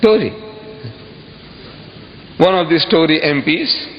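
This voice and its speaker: A man's voice: animated, normal speed. Emphatic man speaking in an echoey hall. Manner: emphatic, repeats phrases, sudden high exclamations. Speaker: public speaker addressing an audience. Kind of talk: impassioned public speech. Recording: dull echoey hall recording with faint hiss.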